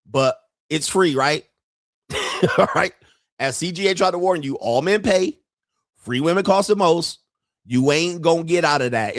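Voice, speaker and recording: A man hosting a live stream as a dating coach, reacting to clips in a loud, mocking way and jumping into shouted bits. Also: mid-range voice, no room sound, clean studio sound.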